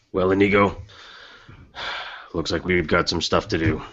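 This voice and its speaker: A man's voice: sits low, steady tone, measured pace, fairly bright tone, husky, lo-fi sound. A man playing in a tabletop game, talking casually in character to his crew. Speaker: player.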